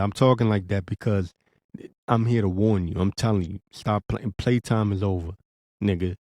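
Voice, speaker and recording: A man's voice: fairly low pitch, steady tone, normal speed, dark tone, no room sound. A man giving a blunt, profane, urgent warning in a preaching commentary vlog, with frequent restarts. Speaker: religious commentator.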